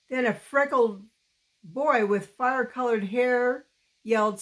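Slow, careful woman reading a storybook. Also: fairly high pitch, fairly bright tone. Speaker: storybook reader. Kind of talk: reading a children's novel aloud.

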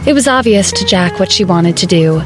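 Brief: female audiobook narrator, mid-pitched, steady romance narration, faint music behind. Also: moderate pace.

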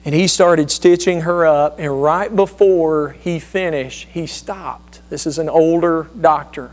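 A man's voice: fairly high pitch, fairly even intonation, unhurried. A man in his thirties preaching a sermon, telling personal stories in an earnest, conversational way with frequent restarts. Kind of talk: sermon storytelling.

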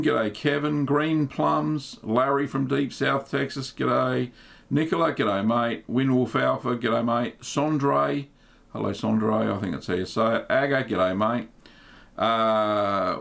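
A middle-aged man, hosting a casual livestream in a relaxed, chatty way, with plenty of ums and uhs. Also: medium pitch, gravelly. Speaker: livestream host.

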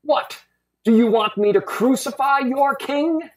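Reader as a stern Roman governor, church Passion reading, deliberate questioning, distant mic in a roomy hall. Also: sits high. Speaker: scripture reader. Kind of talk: dramatic scripture reading.

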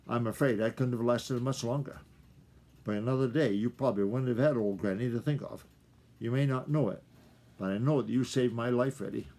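A man's voice: mid-range voice, natural voice. An old man voicing a wise old granny fox. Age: older. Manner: soft and gentle, turning stern. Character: old, shrewd, hungry female fox, stern but tender.

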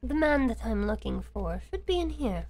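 Playful, lively woman streamer. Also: a little high, normal speed. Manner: playful, jokey, mock-serious. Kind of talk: casual game stream chat.

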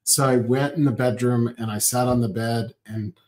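A man's voice: medium pitch, fairly even intonation, normal speed, a little mellow, low-quality recording. Joking man reading viewer comments. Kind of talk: casual chat.

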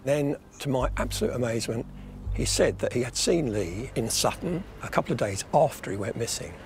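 Ex-cop guy telling what he heard, steady, faint room noise behind. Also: mid-range voice, brisk, creaky. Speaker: former police officer. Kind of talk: interview.

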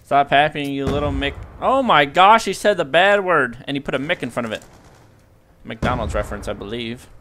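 A young man with a bright, lively voice narrates his own gameplay. He bursts into high yelps whenever something sudden happens, then drops back to easy chatter. Faint gunfire and hiss sit under the voice. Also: normal speed. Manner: excitable, yelps and shouts at sudden action. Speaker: gaming video host. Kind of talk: live gameplay commentary.

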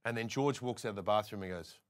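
An Australian man with a lowish voice speaks at a quick pace, a presenter appearing as a guest. Telling casual anecdotes, he's animated and acts out the lines of those involved.

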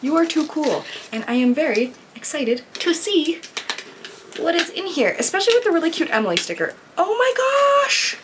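A woman's voice: sits high, sing-song, moderate pace, a little hiss or hum. A woman vlogger chatting casually as she unboxes viewer mail, gushing and effusive, full of "like" and "oh my gosh". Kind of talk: casual chat.

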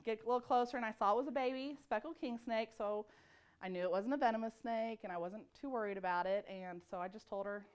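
A woman on the school staff calmly recounting an event in an interview. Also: fairly high pitch, fast talker. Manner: calm, matter-of-fact telling. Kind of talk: interview recollection.

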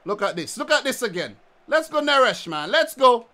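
A man's voice: very high-pitched, sing-song, moderate pace, sharp tone. A man ranting in frustration while commentating his own gameplay as a streamer. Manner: exasperated ranting, keeps adding "man". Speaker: gaming streamer.

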